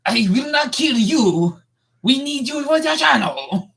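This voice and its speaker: A man co-hosting a casual live stream, trading dry, deadpan jokes. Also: extremely high pitch, slow, creaky. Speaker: co-host.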